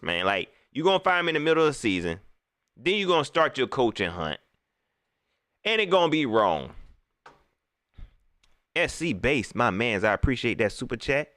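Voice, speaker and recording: Animated, emphatic man ranting live. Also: mid-range voice, no room sound, studio quality. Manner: animated, emphatic, repeats phrases. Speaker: live stream host. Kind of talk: casual live stream rant.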